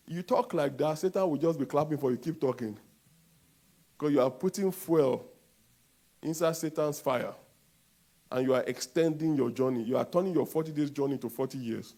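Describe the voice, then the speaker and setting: A man with a Nigerian accent preaching a sermon as a pastor, with sudden loud outbursts and calls for the congregation to answer back. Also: fairly high pitch, moderate pace.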